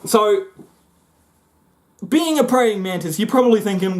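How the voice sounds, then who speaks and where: Excitable man on a comic rant. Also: measured pace. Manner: excitable, jumps into high squeaky voices when acting things out. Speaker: vlogger. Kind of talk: comic monologue to camera.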